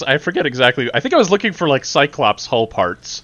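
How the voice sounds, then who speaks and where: A man co-hosting a casual podcast, telling stories in an animated way and laughing often. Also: mid-range voice, a little fast, no room sound. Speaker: podcast co-host. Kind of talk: casual chat.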